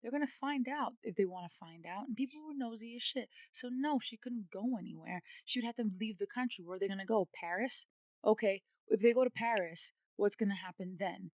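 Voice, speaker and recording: A woman's voice: medium pitch, fairly quick, a little mellow, dry recording, rough recording. A woman co-hosting a casual podcast chat, ranting with energy and swearing freely. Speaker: podcast co-host.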